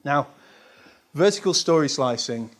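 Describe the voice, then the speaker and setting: Rambling male software trainer. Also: on the high side, expressive, measured pace. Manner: rambling, self-deprecating, many fillers. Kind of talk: casual explanatory talk.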